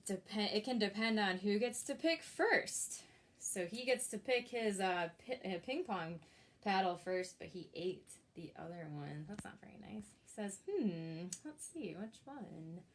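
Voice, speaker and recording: Speaking a little slowly in a mid-range voice, a librarian reads a picture book to kids during storytime at the library, filmed for online viewing. She chats along the way and poses questions to her audience.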